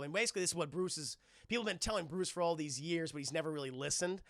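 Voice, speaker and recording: A man's voice: fairly high pitch, racing, hardly any pauses, no echo, clean studio sound. A man streaming a casual, profane episode recap, talking straight to his chat. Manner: animated, profane, talks to chat. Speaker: streamer reviewing a cartoon episode.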